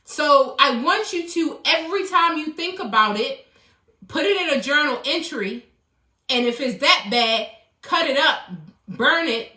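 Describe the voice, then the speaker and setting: A woman's voice: high-pitched, lively intonation, unhurried, pushed and bright. A middle-aged woman, coaching viewers on a live stream in an emphatic, preachy way and thanking commenters by name. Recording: echoey room.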